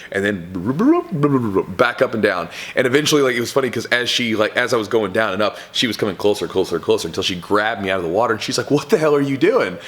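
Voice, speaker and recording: A man's voice: mid-range voice, fairly bright tone. Casual, rambling jiu-jitsu coach, man. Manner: loose and conversational, with many fillers and "right?". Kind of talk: casual advice talk to camera.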